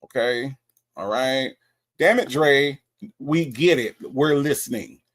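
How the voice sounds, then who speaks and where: A man hosting a live show, teasing and animated, repeating words in rapid bursts as he reacts to a call recording. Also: medium pitch. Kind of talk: mocking commentary on a call recording.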